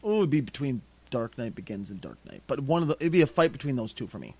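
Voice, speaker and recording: Animated, profane man on a podcast. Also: mid-range voice, fast talker, breathy edge, no room sound. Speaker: podcast co-host. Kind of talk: casual podcast chat.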